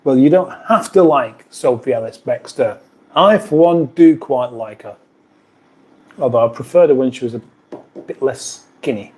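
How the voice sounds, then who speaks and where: A man's voice: mid-range voice, animated, moderate pace, a little mellow. A British man hosting a casual live stream from a kitchen, chatting in a rambling way and reading out viewer comments. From United Kingdom.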